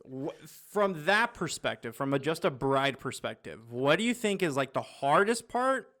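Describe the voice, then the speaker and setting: A man's voice: a little high, big pitch swings, normal speed, fairly bright tone. A man co-hosting a podcast, playful and teasing, asking rambling questions in casual chat. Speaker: podcast co-host.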